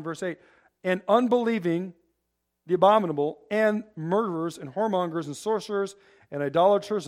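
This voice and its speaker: A man preaching a sermon, rambling with humorous asides and asking the congregation to fill in the words. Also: sits high. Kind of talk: sermon with call-and-response.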